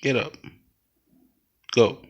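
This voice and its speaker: Slow, playful man filming his kittens. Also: dull audio. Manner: playful, talks to and cheers on the pets. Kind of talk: casual home video chat.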